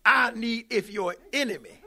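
A man preaching an emphatic sermon that rises now and then to shouts. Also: very high voice, unhurried.

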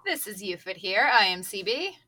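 Woman, podcast co-host, bright forceful voice, dry close sound, upbeat playful chat. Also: medium pitch, big pitch swings, moderate pace, no room sound. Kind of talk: casual chat.

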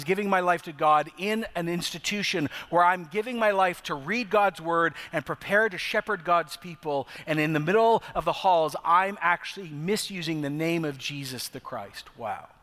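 A middle-aged man preaching a sermon as pastor, earnest, slowing down to stress key phrases. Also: fairly high pitch, pushed and bright. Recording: long reverb of a large hall.

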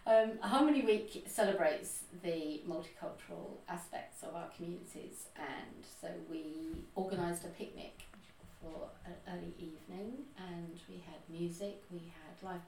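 A woman's voice: fairly low pitch, normal speed, few pauses, warm tone, slight background noise. A woman organising community events, talking in casual chat with frequent ums and restarts. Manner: hesitant, many restarts and ums. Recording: echoey room, a bit far from the mic.

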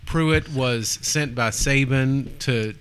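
Bright-voiced sarcastic man. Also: medium pitch, takes it slowly, slight background noise. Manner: sarcastic, rambling with restarts. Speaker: podcast co-host. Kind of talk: casual sports chat.

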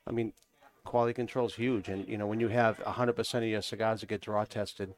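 Laid-back New England man, low voice. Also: fairly even intonation, fast talker. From New Hampshire. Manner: rambling, storytelling, laughs easily. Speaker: podcast co-host from a cigar company. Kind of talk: casual chat.

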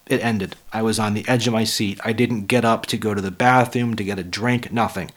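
A man hosting a solo podcast, blunt and profane, with a raspy voice as he gets over the flu. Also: on the low side. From Western Massachusetts. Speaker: podcast host and comedian. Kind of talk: casual solo podcast talk.

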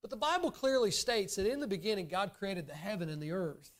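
A Southern US man preaching from the pulpit with a notably high voice. He moves between quiet, low asides and raised, emphatic lines, earnest throughout. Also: very animated, fairly quick. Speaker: pastor. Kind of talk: sermon. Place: church sanctuary.

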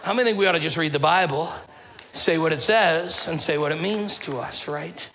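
A man preaches from the pulpit in a relaxed, chatty way, with quips and little stories. His voice sits a bit higher than most men's. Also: moderate pace, rough recording. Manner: conversational, joking storyteller with a casual drawl. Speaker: pastor. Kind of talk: sermon.

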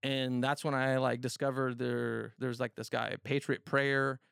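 A man in his thirties tells a rambling story, swearing freely and piling on fillers. His voice is gravelly, at an ordinary pitch. The sound is dry and close, with no room around it. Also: unhurried, dry recording. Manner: rambling, profane, animated, many fillers. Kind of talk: casual storytelling on a talk show.

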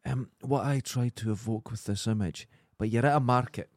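A man co-hosting a podcast, telling sweary anecdotes in a casual, animated way. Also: medium pitch, normal speed, no echo, studio quality. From Scotland. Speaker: podcast co-host. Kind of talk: casual chat, storytelling.

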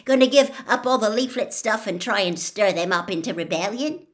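A mocking teenage boy joker, as a woman voices him in a storybook reading, teasing everyone around him. His lines rise and fall with lively energy. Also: mid-range voice, normal speed, pitched above the performer's own voice, close to an everyday voice.

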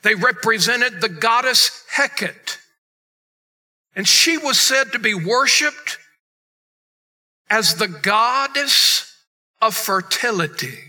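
A pastor delivers an emphatic sermon, his voice very high and strikingly bright. He swings between loud bursts and quiet, low passages. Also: lively intonation, takes it slowly, long pauses.

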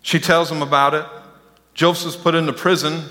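A man's voice: a little high, moderate pace, bright, forceful tone. A man preaching a sermon as pastor, talking in a conversational way and slipping into mocking voices. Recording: long hall reverb.

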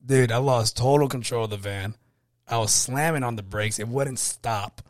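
A man co-hosting a casual podcast, swearing freely as he tells an animated story. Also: mid-range voice, normal speed, dry recording, studio quality. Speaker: podcast co-host.

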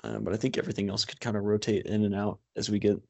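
A man's voice: on the low side, fairly even intonation, racing, vocal fry, no echo. A man co-hosting a podcast in casual chat, loose and chatty and full of asides. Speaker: podcast co-host.

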